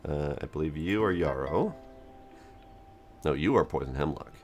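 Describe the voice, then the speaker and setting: A man's voice: extremely low pitch, animated, moderate pace, a little mellow. A man casually commenting on a game he is playing, chatty and self-mocking, reading its text aloud. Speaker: gameplay streamer. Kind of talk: casual let's-play commentary.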